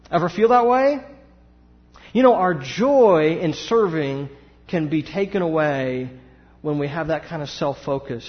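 A man's voice: sits high, measured pace. A man, a pastor preaching a sermon with emphatic rises and rhetorical questions. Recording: dull sound with long hall reverb.

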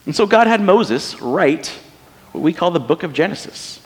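A man's voice: on the high side, expressive, normal speed. A man pastor giving a casual sermon, conversational and joking, with many rhetorical questions. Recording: long hall reverb.

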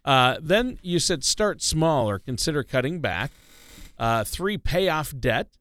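Smooth-voiced male radio co-host. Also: a little high, expressive, measured pace, fairly bright tone, no room sound. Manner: jokey, easygoing, many fillers. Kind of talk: casual radio talk.

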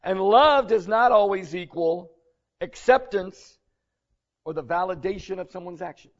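A man's voice: high voice, measured pace, lo-fi sound. A man preaching a sermon as pastor, earnest and conversational, building emphasis as he goes.

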